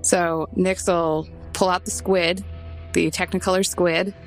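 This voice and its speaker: A woman's voice: fairly low pitch, level tone, unhurried, faint music behind. A woman playing a tabletop game, speaking casually and sounding tough when in character. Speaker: player.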